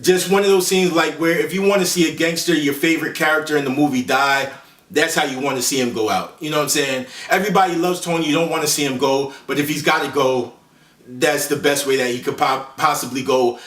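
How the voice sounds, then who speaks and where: A man's voice: fairly high pitch, a little fast, fairly bright tone. Slangy male host in an echoey room. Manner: slangy, rambling, with many fillers and self-corrections. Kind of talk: casual movie countdown commentary. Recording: echoey room, voice far from the mic.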